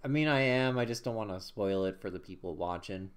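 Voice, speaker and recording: A man's voice: on the low side, fairly quick, smooth. A man chatting on a game stream, giving short replies and dry, teasing jokes. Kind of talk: casual live gaming chat.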